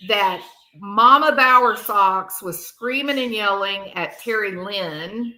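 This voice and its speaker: A woman giving casual true crime commentary, sarcastic and animated, acting out what others said. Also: medium pitch. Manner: animated, sarcastic, acts out quoted people.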